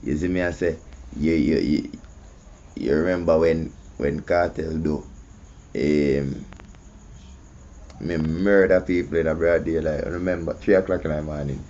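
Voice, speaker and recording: A man's voice: very deep voice, fairly even intonation, a little slow, long pauses, warm tone, a little hiss or hum. A man with a Jamaican accent hosting casual commentary, often asking "you see me". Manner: conversational, repeats "you see me". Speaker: host. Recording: muffled lo-fi audio.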